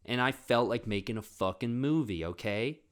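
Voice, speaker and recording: A man hosting his podcast, telling comedic stories casually, animated, often swearing. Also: medium pitch, moderate pace, smooth. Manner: animated, swearing, acts out voices in quotes. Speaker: podcast host.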